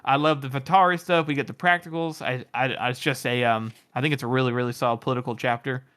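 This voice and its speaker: A man's voice: medium pitch, fairly even intonation, quick pace, a bit bright, clear, resonant tone. A man co-hosting a podcast, rambling through his opinions on a book chapter with casual swearing. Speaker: podcast co-host.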